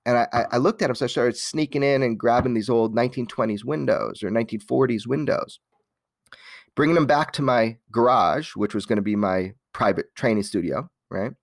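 A man from Los Angeles, telling his life story as an interview guest in a candid, animated way, with many restarts and some casual swearing. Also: mid-range voice, fairly quick, vocal fry, no echo, clean studio sound.

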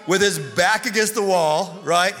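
A male pastor telling a funny story in a sermon, animated and comic, sometimes shouting the punchlines. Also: high voice, a little slow. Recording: long reverb of a large hall.

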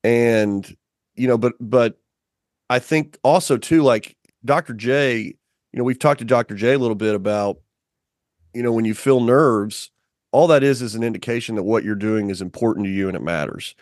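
Animated man telling a story. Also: medium pitch, normal speed, no room sound, studio quality. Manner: animated storyteller, many fillers. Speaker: podcast co-host, guest. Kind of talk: casual conversation.

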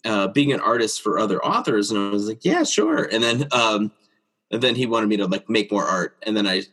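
A man with a slightly husky voice sits down for a casual interview chat. He tells stories about his art with plenty of laughter and pops up into a high register to mimic the people he quotes. He sounds like a friendly illustrator in his thirties. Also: fairly quick. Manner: animated storyteller, acts out quotes in a high voice, laughs often. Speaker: children's book illustrator, guest.

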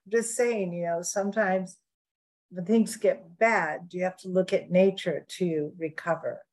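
A woman co-hosts a radio talk show with a somewhat low voice. She muses reflectively and lets her points unfold slowly and gently. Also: fairly even intonation. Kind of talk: casual radio chat.

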